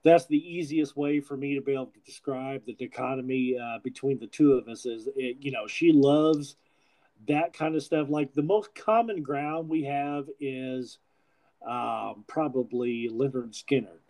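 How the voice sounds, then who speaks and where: A man's voice: mid-range voice, a little slow, warm tone, rough recording. A man hosting a podcast in casual chat, rambling with frequent restarts and swearing freely. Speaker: podcast host.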